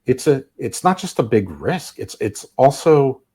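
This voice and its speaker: A male co-host of a casual podcast whose pitch swings freely, rising and dipping as he stumbles through restarts. He talks in a chatty, halting way and drops dry jokes into the conversation. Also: sing-song, mellow, slightly rough. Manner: halting, many restarts, dry jokey asides.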